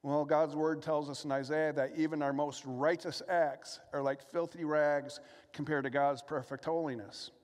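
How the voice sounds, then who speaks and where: Male preacher, sermon delivery, slightly raised pitch, earnest, echo of a large hall. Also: steady tone, moderate pace. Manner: earnest preaching, rhetorical questions and scripture reading.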